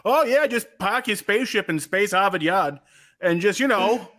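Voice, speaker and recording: A man's voice: high voice, lively intonation, normal speed, fairly bright tone, pitched above the performer's own voice. A man doing a hammy Boston-accented buddy. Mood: teasing. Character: jokey male spacefarer with a thick Boston accent.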